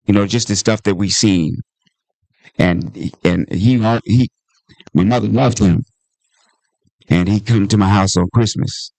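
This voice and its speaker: At a book talk, a Washington, D.C. comedian and author animatedly recounts episodes from his life in conversation, doing the voices of the people in them. His voice is lowish and creaky, with no echo.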